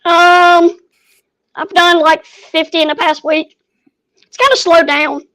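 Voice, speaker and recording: A woman co-hosting a casual chat, mostly giving short replies and quick jokes. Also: extremely high pitch, level tone, fairly bright tone. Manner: short agreeing replies, joking. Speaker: co-host.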